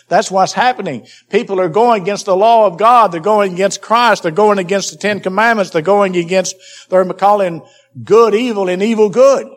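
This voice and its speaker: A man preaching a Bible teaching sermon, emphatic and repeating key phrases for stress. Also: sits high.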